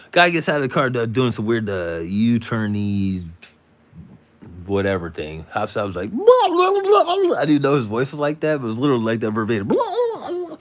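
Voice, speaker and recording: A man's voice: on the low side, a bit bright. A man hosting a live stream, telling a rambling story in slangy casual talk, sounding tired. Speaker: livestream host.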